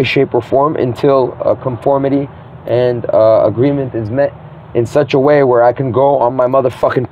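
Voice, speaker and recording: A man's voice: medium pitch, dull audio. Man delivering a rambling, profane rant full of grandiose claims; light traffic noise underneath. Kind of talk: rambling monologue to camera.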